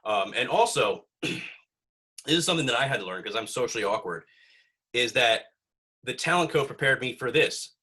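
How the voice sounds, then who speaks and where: Casual and rambling, this young podcast host leans heavily on fillers and swears a lot. His medium-pitched voice is expressive, bright and forceful with a breathy edge, at a moderate pace.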